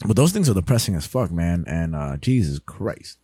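A man's voice: deep voice, very animated, normal speed, dark tone, husky, dry recording. A young man co-hosting a casual podcast, his voice swooping up and down with lots of life as he laughs and swears his way through stories. He slips into impressions of the people he describes. The sound is dry and close. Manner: laughs often, swears freely, acts out people he talks about. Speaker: podcast co-host. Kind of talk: casual chat.

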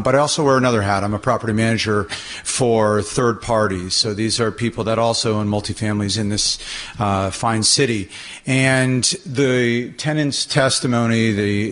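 A man's voice: medium pitch, a bit bright. A man, a landlord and property manager, making an earnest, formal public comment at a city council meeting.

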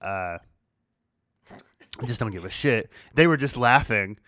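A man's voice: medium pitch, animated, slow, fairly bright tone. A man hosting a podcast, casually telling a story, swearing freely and laughing as he goes. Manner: laid-back, swears freely, laughs through his story. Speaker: podcast host.

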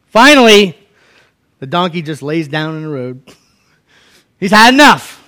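A pastor with a high, bright, very animated voice delivers a sermon at an unhurried pace. He recounts the scripture story in a folksy, conversational way, like a casual chat, slipping into the characters' lines and acting out their voices in quotes.

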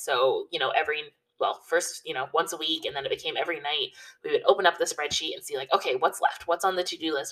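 A woman giving casual, relaxed wedding planning advice, talking chattily with lots of "you know" and "like". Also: low voice, recorded from a distance, low-quality recording. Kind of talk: casual advice talk to camera.

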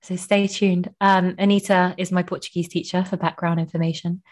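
A woman's voice: fairly low pitch, level tone, brisk, darkish tone. Gushing young woman podcast host. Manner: gushing, emotional, heavy use of "like". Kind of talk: casual chat.

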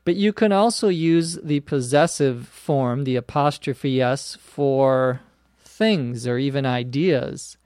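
Guy teaching english on a podcast, talks really slow, spells words out, dry close sound. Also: medium pitch, darkish tone, no room sound. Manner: spells out words letter by letter, explains slowly with fillers. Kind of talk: slow explanatory podcast lesson.

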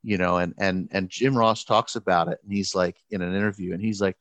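A man telling a story in casual conversation, halting, with many restarts and fillers. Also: sits low, steady tone, a bit bright, dry recording.

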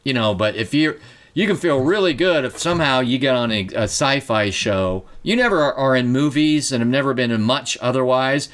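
Podcast co-host, mid-pitched voice, halting delivery, frequent restarts, casual talk. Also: animated, a bit bright. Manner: halting, restarts and searches for words. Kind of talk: casual chat.

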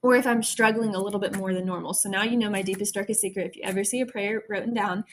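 A young woman talks through her faith in a candid, confessional way, like a friend opening up. She is earnest and quick to laugh at herself. Her pitch sits in an ordinary middle range. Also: steady tone, a little hiss or hum. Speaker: faith podcast host. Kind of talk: candid personal devotional talk.

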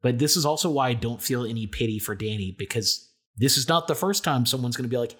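A man's voice: mid-range voice, fairly quick, fairly bright tone, husky. A man co-hosting a podcast, recapping episodes in a casual, joking way and acting out characters' lines. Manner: jokey, acts out characters' lines. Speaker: podcast co-host.

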